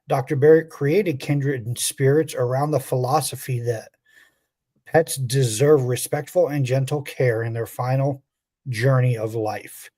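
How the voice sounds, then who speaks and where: A man's voice: medium pitch, steady tone, unhurried, warm tone. A man co-hosting a pet podcast, reading a guest's bio with wry asides and stumbling over a few names. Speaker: podcast co-host.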